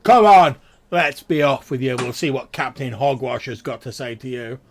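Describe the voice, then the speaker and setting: A man voicing a gruff town guard who talks loudly and bossily but chummily to strangers. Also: mid-range voice, steady tone, moderate pace, slight background noise, pitched above the performer's own voice, lightly acted. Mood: stern. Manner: bossy, loud, chummy with strangers. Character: gruff male town guard in red tabard.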